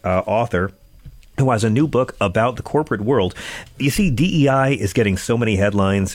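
A man hosting a political talk radio show, sarcastic and joking, a little out of breath, stammering into quick restarts. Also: medium pitch, dry recording.

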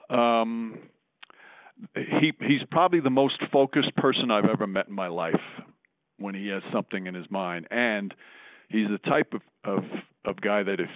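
Brief: measured male broadcaster, lowish voice, dry phone-quality audio. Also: dry recording. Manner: measured, fills pauses with "um". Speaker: sports broadcaster, guest. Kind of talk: casual storytelling.

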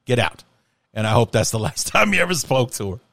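A man's voice: mid-range voice, sing-song, fast talker, vocal fry, fairly bright tone, dry recording. A man hosting a casual solo podcast, talking in an impassioned, rambling and profane way. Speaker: podcast host.

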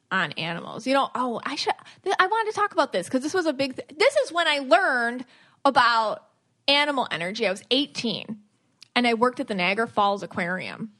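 A woman podcast host and psychic medium in casual chat, talking in an animated, rambling way with frequent restarts. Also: mid-range voice.

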